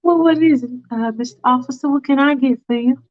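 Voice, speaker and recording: A woman voicing a brash, sharp-tongued churchgoing businesswoman who turns cold and defiant. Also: high-pitched, a little fast, voice pushed up, natural voice. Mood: mocking. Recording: dull lo-fi recording.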